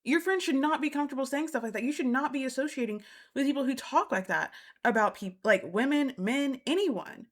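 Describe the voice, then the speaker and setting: A woman's voice: high voice, expressive, fairly quick. A woman hosting a casual reality TV recap, talking bluntly and repeating her points for emphasis. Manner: blunt and exasperated. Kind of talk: casual opinionated commentary.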